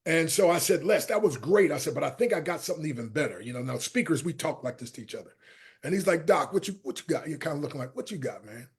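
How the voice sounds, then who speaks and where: A middle-aged motivational speaker recounts personal stories as an interview guest, speaking quickly in a husky, fairly high voice. He acts out the voices of the people he quotes, and his loudness varies a great deal as he tells them.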